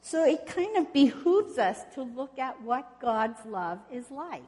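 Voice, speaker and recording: A woman's voice: sits high, very animated, measured pace, warm tone. A woman preaching a sermon in an earnest storytelling way, asking the congregation questions. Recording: long reverb of a hall.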